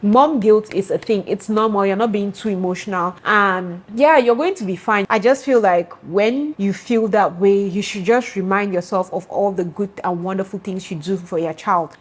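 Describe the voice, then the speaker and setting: A woman in her thirties hosting a casual advice talk, reassuring and earnest, often restarting her sentences. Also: mid-range voice. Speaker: podcast host giving mom advice. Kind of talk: casual advice talk, reading listener letters aloud.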